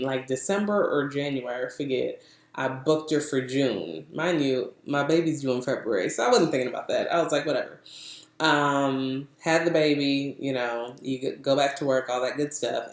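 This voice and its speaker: Chatty low-voiced woman vlogger, roomy sound. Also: moderate pace. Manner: chatty, animated, laughs often, acts out quotes. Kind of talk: casual storytelling vlog. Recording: roomy echo.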